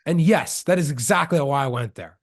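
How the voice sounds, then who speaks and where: A man's voice: fairly high pitch, brisk. A young man from Canada in casual chat, telling stories with slang and acting out the people he quotes. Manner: slangy storytelling, acts out quoted voices. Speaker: podcast guest.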